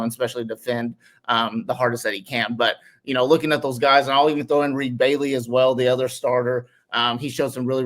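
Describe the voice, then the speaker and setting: A man appears as a guest analyst on a sports podcast, rambling through casual chat loaded with "um" and "you know." His voice is mid-range and a bit bright.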